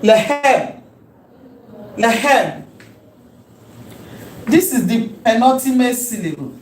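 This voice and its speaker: A woman teaching a Hebrew lesson, speaking deliberately and repeating key words so learners can follow. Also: a little high, expressive. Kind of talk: recorded language lesson. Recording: roomy echo, faint background hum.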